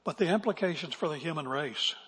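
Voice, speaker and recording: A man's voice: fairly high pitch, animated, a little fast, a bit bright, breathy edge. A male pastor giving an earnest, emphatic sermon, now and then acting out quotes. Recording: long reverb of a large hall.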